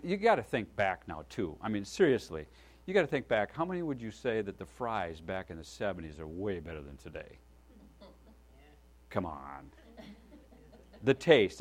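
A man preaching a sermon, telling a story in a folksy, lively way and often checking in with a "right?". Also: mid-range voice.

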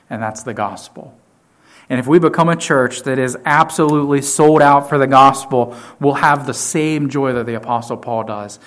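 A man preaching a sermon to his church, emphatic, often repeating key phrases and swinging from loud to quiet. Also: a little high. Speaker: pastor.

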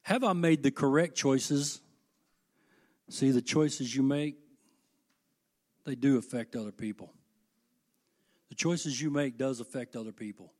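A middle-aged man preaching a sermon, folksy and impassioned, moving between hushed asides and loud, emphatic peaks. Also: mid-range voice, unhurried, pauses often.

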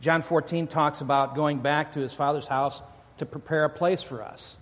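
A man's voice: a little high, fairly even intonation, moderate pace. A man preaching a sermon as a pastor, talking in a loose, joking way and often restarting his sentences. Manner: conversational, joking, frequent restarts. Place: church sanctuary. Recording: long church hall reverb.

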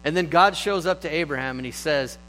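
A man giving a sermon, retelling stories in a relaxed, conversational way with animated stretches. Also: a little high, brisk, slight background noise, rough recording. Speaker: preacher.

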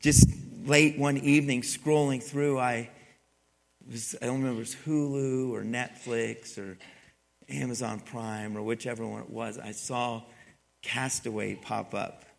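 A man preaching a sermon, telling a story in a loose, rambling way and swinging from quiet asides to loud, excited retellings. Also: medium pitch, unhurried, creaky. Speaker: pastor.

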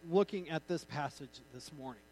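A man's voice: fairly high pitch, animated, moderate pace, darkish tone, rough recording. A male pastor giving an informal, conversational sermon with joking asides.

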